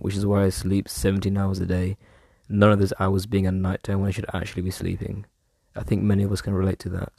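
A man's voice: fairly low pitch, creaky, warm tone, breathy edge, dry recording, clean studio sound. A young man, rambling casually through a podcast monologue at home. He trails off and jokes at his own expense in slang. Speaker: podcast host. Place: room at home.

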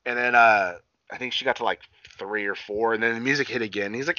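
A man's voice: mid-range voice, fast, no room sound. A young man co-hosting a casual podcast, swearing freely and acting out what people said. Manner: animated, swearing, acts out quotes. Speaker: podcast co-host. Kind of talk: casual wrestling chat. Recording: dull, lo-fi dry sound.

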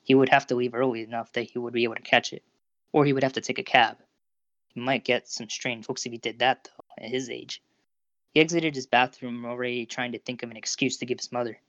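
A narrator reading fan fiction aloud in a steady, even manner over a Discord call. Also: mid-range voice, fairly quick, no echo. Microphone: Discord voice call recording. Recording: dull lo-fi Discord audio.

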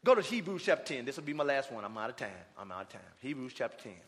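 A man preaching a sermon, calling out to his congregation and drawing out shouted phrases for emphasis. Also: medium pitch, sing-song. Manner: preaching with call-and-response, drawn-out shouted emphasis. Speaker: pastor. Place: church sanctuary with congregation. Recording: reverberant church hall.

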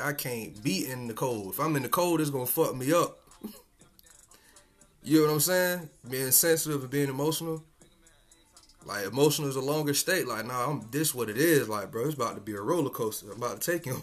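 Laid-back slangy man podcasting. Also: medium pitch. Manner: laid-back, slangy and profane, chuckling often. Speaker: podcast host. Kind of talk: casual solo podcast monologue.

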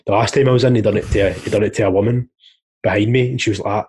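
A Scottish man in a casual podcast chat, swearing easily as he tells his stories. His voice is low and rough around the edges. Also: fairly even intonation, racing, darkish tone. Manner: chatty storyteller, swears freely.

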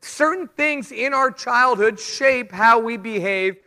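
A middle-aged man giving a church sermon with announcements, talking conversationally and telling stories with animated asides. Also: extremely high pitch, slow. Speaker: preacher. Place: church sanctuary. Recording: reverberant church hall.

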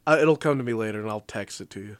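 A man's voice: on the low side, clean tone, no echo. Casual male co-host, easygoing recap chatter, dry close sound. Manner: laid-back, quick asides and quoted lines. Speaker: podcast co-host. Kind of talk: casual chat recapping a TV episode.

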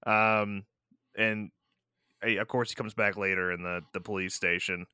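A man's voice: on the low side, steady tone, normal speed, pushed and bright, clear, resonant tone, no room sound. A man co-hosting a podcast, chiming in with short agreements and dry, profane asides in casual chat. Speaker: podcast co-host. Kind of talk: casual film review chat.

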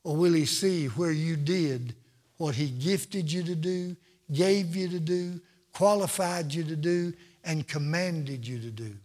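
A high-pitched man delivers a sermon at an unhurried pace, stacking phrase on phrase with emphatic repetition. His voice rings out in a church sanctuary with a long hall reverb trailing behind it. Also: darkish tone. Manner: emphatic, repetitive preaching cadence. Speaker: pastor.

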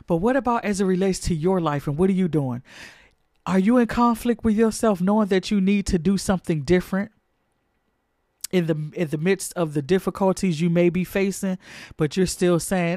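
A man delivers a fervent sermon, repeating phrases to drive his points home. His voice sits a little higher than most men's. The sound is dry and close, with no room echo. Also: normal speed, a little mellow. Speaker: preacher.

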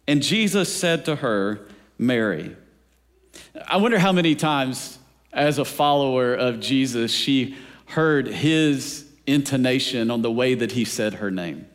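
A man pastor preaching a sermon in a church, with a rhythmic delivery that keeps asking the congregation whether they are following. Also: medium pitch. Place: church sanctuary. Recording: long reverb of a large hall.

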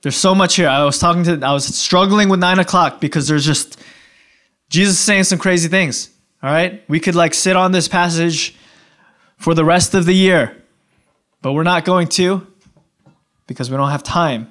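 A man's voice: a little high, moderate pace, pauses often. A man preaching a casual, conversational sermon, talking informally and asking his listeners questions. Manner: informal, animated, asks the audience questions.

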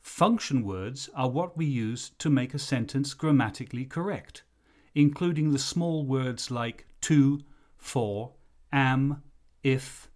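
A man teaching an English lesson, explaining things slowly and carefully. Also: mid-range voice, a little mellow. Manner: slow, careful explanatory delivery. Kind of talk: recorded lesson narration.

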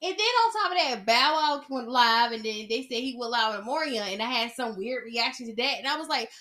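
A woman's voice: fairly high pitch, fairly quick. Chatty woman podcast host. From Atlanta area. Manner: chatty, animated storytelling with bursts of excitement. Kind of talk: casual solo podcast chat.

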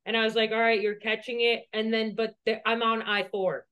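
A woman's voice: fairly high pitch, little pitch movement, fairly quick, lo-fi sound. A woman co-hosting a podcast, telling a personal story in a rambling, profane way, full of "like". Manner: profane, rambling, heavy use of "like". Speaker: podcast co-host.

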